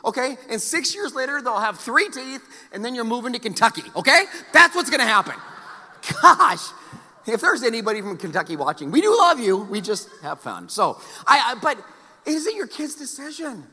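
A man preaching a sermon as pastor, emphatic and animated, with joking asides. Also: very high-pitched, fairly quick. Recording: long church hall reverb.

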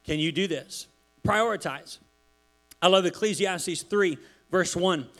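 High-voiced, chatty man preaching. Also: unhurried. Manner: chatty, animated storytelling with many asides. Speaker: pastor. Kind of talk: casual sermon. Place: church.

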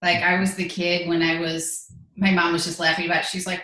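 A woman's voice: fairly low pitch, level tone, fairly quick, pushed and bright, reverberant, low-quality recording. A woman in her forties speaking as an interview guest, earnest and self-deprecating as she recalls her path. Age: 40s. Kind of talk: conversational interview.

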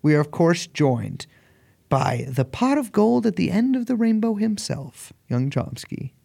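A man's voice: sits high, big pitch swings, measured pace, gravelly, dark tone. Swearing American man riffing on a podcast. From United States. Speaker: podcast co-host. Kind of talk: loose comedic banter.

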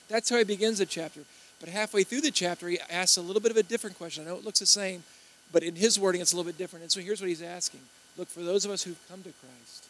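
Male preacher, higher-pitched voice, storytelling delivery that acts out the people he quotes. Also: steady tone, quick pace, a bit bright, poor audio. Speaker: pastor. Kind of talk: sermon.

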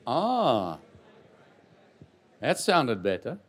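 A man preaching a sermon as pastor, animated and joking with the congregation, swinging from loud to quiet. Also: medium pitch, drawn-out words, a little hiss or hum. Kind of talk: lively sermon.

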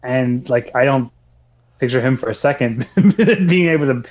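A man co-hosts a loose movie podcast in a mid-pitched voice. He rambles, swears freely and laughs often as he talks. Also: moderate pace, a little mellow, dull audio. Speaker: podcast co-host. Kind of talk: casual movie podcast chat.

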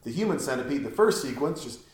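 A man giving rambling, crude, joking commentary while watching a film, with sudden high-pitched exclamations. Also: big pitch swings, quick pace, echoey room. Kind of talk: casual watch-along commentary.

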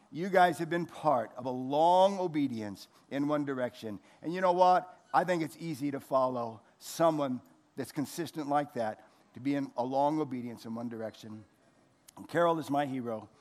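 An American man in his sixties preaches in a church hall, mixing a lively sermon with homespun jokes. His speaking voice sits a little higher than most men's. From United States. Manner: folksy, joking, lively preacher. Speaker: pastor.

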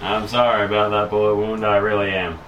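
A man voicing a male Texan adventurer, hesitant and full of pauses. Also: fairly low pitch, flat delivery, a bit bright, echoey room, recorded from a distance, slight background noise, natural voice. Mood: friendly.

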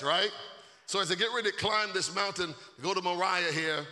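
A male pastor preaching a sermon with call-and-response, swelling into shouts. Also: high-pitched, normal speed. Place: church sanctuary. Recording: echoey hall.

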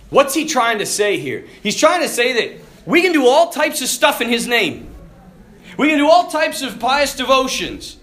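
A priest delivers a loose, joking retreat talk in a high, lively male voice that swings up and down. He laughs often and keeps a bright, cutting edge as he preaches. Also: moderate pace. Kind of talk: informal sermon.

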